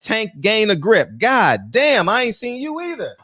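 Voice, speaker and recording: A man's voice: high-pitched, wildly swooping pitch, a little slow, over loud music. A man, hosting a live-streamed boxing talk show, greeting viewers by name in loose, casual chat, swearing easily and laughing often. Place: small room.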